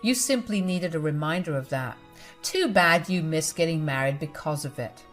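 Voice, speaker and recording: A woman's voice: low-pitched, animated, moderate pace, a bit bright, faint music behind. A woman voicing a controlling, patronizing middle-aged mother who talks in a cold, demanding way. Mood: scornful.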